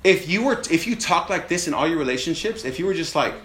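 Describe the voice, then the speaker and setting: A man preaching a sermon in an animated way, asking rhetorical questions and acting out quoted voices. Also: fairly high pitch, fast, reverberant.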